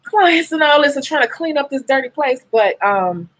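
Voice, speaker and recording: Sleep-deprived and weary, this nail technician and beauty YouTuber talks to her audience in an unguarded livestream, blunt and emotional. Her high voice has lively intonation and a moderate pace, though the audio quality is poor.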